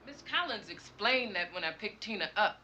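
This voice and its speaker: An actress playing a calm, reasonable mother who tries to soothe her angry husband. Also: mid-range voice, moderate pace. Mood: placating. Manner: hushed, placating. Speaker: parent. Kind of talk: film drama acting.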